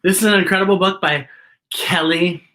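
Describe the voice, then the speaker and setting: A woman hosts a children's story time, reading a picture book aloud and talking playfully and directly to young listeners. Her voice is on the low side and brisk, and her manner is animated.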